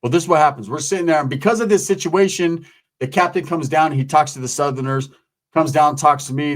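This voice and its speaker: Man, storyteller, casual slangy talk, animated, acts out quotes, fairly high voice. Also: a little fast.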